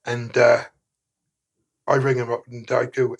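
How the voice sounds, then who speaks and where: A middle-aged man talks in a gravelly, husky voice. He rambles loosely and swears often, full of "uh" and "type of thing". It sounds like casual storytelling as a podcast guest. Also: mid-range voice, little pitch movement, a little slow, long pauses. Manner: rough, sweary, rambling with many fillers. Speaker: guest, former prisoner.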